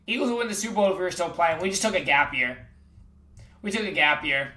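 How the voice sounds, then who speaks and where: A man's voice: high-pitched, lively intonation, fast talker, sharp tone, echoey room. A man livestreaming, trash-talking sports picks in casual chat with his viewers and calling everyone bro.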